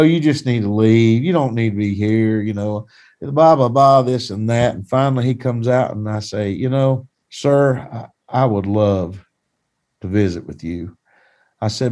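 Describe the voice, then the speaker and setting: A man's voice: medium pitch, mellow. A man who is a pastor, telling a personal testimony in a plain-spoken, folksy, earnest way.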